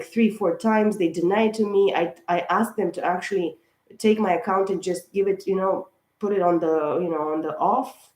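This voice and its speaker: A woman with a mid-range, slightly mellow voice does a casual astrology reading to camera in an echoey room. She's a tarot reader and channel host, chatty and rambling, who repeats "of course" and "guys" and gets worked up.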